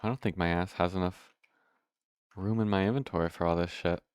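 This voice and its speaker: A man's voice: sits low, steady tone, a little fast, clean tone, no room sound, studio quality. A young man giving casual, rambling gameplay commentary, hiccuping now and then, correcting himself and swearing offhand. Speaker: gameplay video host.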